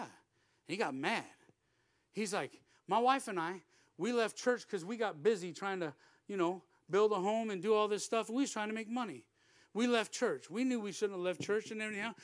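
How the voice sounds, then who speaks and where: Man, high-pitched, middle-aged, preacher, conversational sermon storytelling, hushed moments. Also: no echo, studio quality. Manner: conversational, repeats words, often drops to a hushed tone. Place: church.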